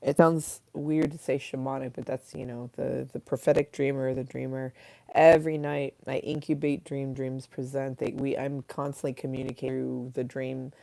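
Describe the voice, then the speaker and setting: A woman's voice: very deep voice, little pitch movement, moderate pace, vocal fry, warm tone. A woman hosting a casual livestream, chatting freely with viewers, swearing and laughing at her own stories. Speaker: livestream host reading chat.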